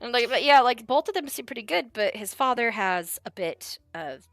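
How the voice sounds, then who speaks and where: A young woman runs a tabletop game as game master, narrating in a loose, chatty way full of fillers. Her voice sits high and bright and moves around a lot in pitch. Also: lively intonation, moderate pace, no echo, clean studio sound, faint music behind. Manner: chatty, lots of "like" fillers, laughing.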